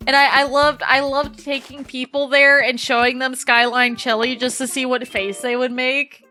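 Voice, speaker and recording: A woman streams a game and chats with her viewers in a high, bright voice at a moderate pace, telling stories animatedly and swearing freely. Faint game music plays in the background.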